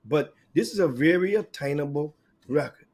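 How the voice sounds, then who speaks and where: Animated middle-aged sports talk host. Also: male voice, fairly high pitch, moderate pace, husky. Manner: animated, folksy, repeats himself mid-sentence.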